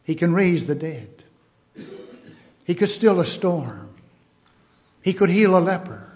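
A man preaching a sermon in a measured, emphatic way, repeating key phrases. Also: sits high, animated, a little mellow.

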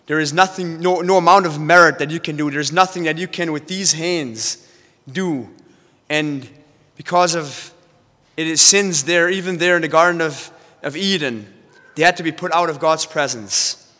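A man's voice: fairly high pitch, normal speed, bright, forceful tone. A man preaching an earnest sermon, reading scripture aloud and often repeating and restarting his phrases. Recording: long hall reverb.

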